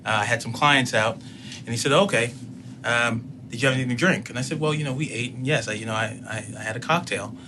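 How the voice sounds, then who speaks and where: A man in his thirties, a councilman and student, telling a personal story in an interview in a measured way, quoting what was said. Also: mid-range voice, background noise. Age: 30s. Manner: measured, recounting events with quoted dialogue.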